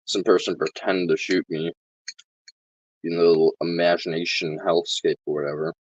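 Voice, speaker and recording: A man with a very low voice delivers a casual vlog monologue. His tone is sarcastic and deadpan, and he swears often. The recording is dry and slightly dull. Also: moderate pace, breathy edge, dry recording. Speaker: vlogger.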